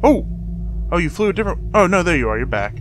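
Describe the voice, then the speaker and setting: A man's voice: high voice, big pitch swings, fast talker, music in the background. A man giving joking let's-play commentary on a horror game, talking back to the game with jumpy exclamations. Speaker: gameplay streamer.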